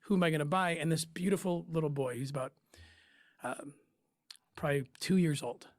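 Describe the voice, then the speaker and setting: A man's voice: fairly high pitch, dry recording. Emotional man, dry close sound. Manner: emotional, halting, with pauses and restarts. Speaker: interview guest, former undercover operative. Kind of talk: emotional personal storytelling.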